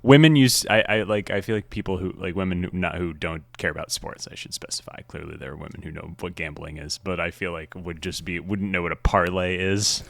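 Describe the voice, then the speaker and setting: A man's voice: low voice, steady tone, a little fast, vocal fry, hardly any pauses, fairly bright tone. A man co-hosting a sports podcast in casual chat, laid-back, laughing often and swearing freely. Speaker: podcast co-host.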